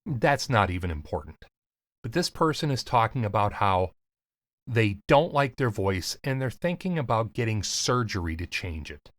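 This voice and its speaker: A man with a slight lisp, coaching on voiceover in an earnest, emphatic talk to camera with deliberate pauses. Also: on the low side, sing-song, fairly bright tone, dry recording. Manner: casual, swears lightly. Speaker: voiceover coach and podcast host.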